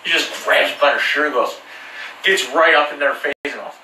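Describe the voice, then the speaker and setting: A man's voice: a little high, normal speed, bright, forceful tone, slight background noise. A man talking in a rambling, crude and joking way, full of swearing and restarts. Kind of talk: rambling casual monologue. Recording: echoey room, mic far off.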